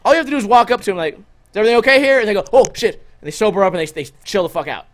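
High-voiced young man, profane streamer. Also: rapid-fire. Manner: animated, swears constantly, jumps into loud quoted outbursts. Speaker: livestream host. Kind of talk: casual profane storytelling to a stream chat.

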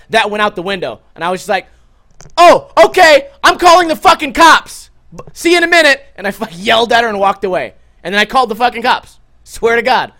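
A young man with a high-pitched voice, hosting a livestream and telling stories to his chat. He swears constantly and jumps into loud, animated outbursts when he quotes people. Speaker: livestream host. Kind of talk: casual profane storytelling to a stream chat.

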